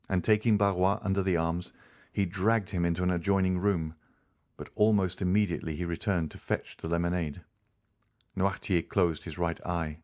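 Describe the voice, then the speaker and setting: A man narrating a classic novel as an audiobook, in a steady, even storytelling manner. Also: deep voice, normal speed.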